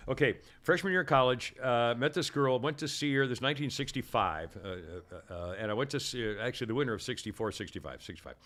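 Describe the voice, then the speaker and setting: A man in his seventies hosting a show, telling a rambling story full of halting restarts. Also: medium pitch, a bit bright. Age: 70s. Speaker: radio show host. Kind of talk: casual chat and storytelling.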